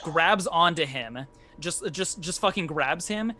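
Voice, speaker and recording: A man narrating as game master of a live tabletop game, animated and swearing freely, with many restarts. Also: a little high, measured pace.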